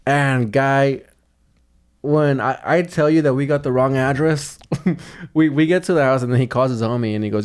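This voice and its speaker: A man's voice: medium pitch, moderate pace, a little mellow, clear, resonant tone. A man co-hosting a podcast, telling a rambling story in casual chat, swearing and laughing often. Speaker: podcast co-host.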